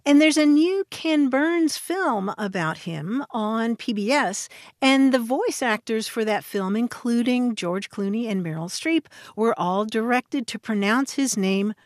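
A woman's voice: on the high side, animated, a little slow, no echo, studio quality. A woman co-hosting a radio show about language, chatting casually and laughing often. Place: radio studio.

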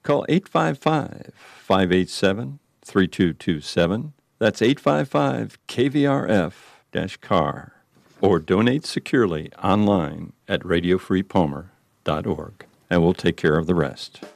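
A man reading a brisk public radio fundraising announcement. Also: expressive, creaky, no room sound, studio quality. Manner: brisk, read-out pitch. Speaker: station announcer.

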